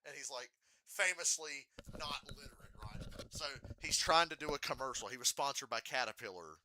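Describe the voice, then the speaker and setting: A man streamer rambling through casual stories during a live reaction. His voice is very bright, and he swears freely as he talks. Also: mid-range voice, lively intonation, moderate pace.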